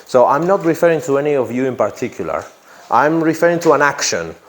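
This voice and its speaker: A man's voice: mid-range voice, animated, quick pace. A man teaching an English grammar lesson to a class, who repeats key phrases and often checks in with "yeah?".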